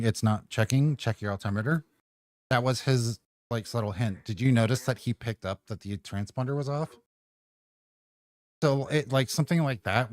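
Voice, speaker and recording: A man's voice: fairly low pitch, no echo. A man streaming as a flight-sim air traffic controller, chatting casually, rambling and correcting himself as he goes. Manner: rambling, self-correcting, laughs easily. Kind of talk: casual chat on a live stream.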